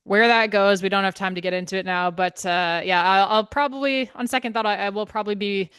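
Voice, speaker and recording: Chatty woman podcast host, smooth voice. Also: medium pitch, brisk, fairly bright tone, no room sound, studio quality. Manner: chatty, frequent fillers, swears casually. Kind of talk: casual sports podcast chat.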